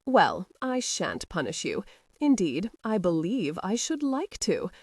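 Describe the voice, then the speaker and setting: A woman's voice: medium pitch, very animated, unhurried, no echo. A woman voicing a mocking, drawling aristocratic husband in an audiobook romance.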